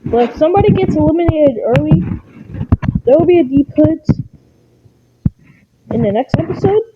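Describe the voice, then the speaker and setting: Woman, cartoon show host, rambling, fillers, fairly high voice, muffled lo-fi sound. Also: lively intonation, moderate pace. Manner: rambling, many fillers and restarts. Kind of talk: casual homemade cartoon narration. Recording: muffled lo-fi recording, clear hiss.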